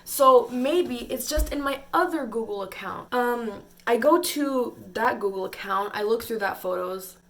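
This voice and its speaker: A woman's voice: on the high side, a little slow, hardly any pauses. A young woman vlogging an emotional, exasperated rant, tired and laughing through her frustration. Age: young adult.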